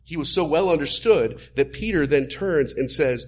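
Husky, animated male preacher. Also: fairly high pitch, moderate pace, few pauses. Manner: emphatic, animated teaching. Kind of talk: sermon.

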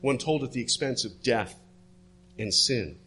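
Bright-voiced male preacher telling a story. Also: mid-range voice, expressive, measured pace, husky. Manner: storytelling, drops to hushed tones for quoted words. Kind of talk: sermon.

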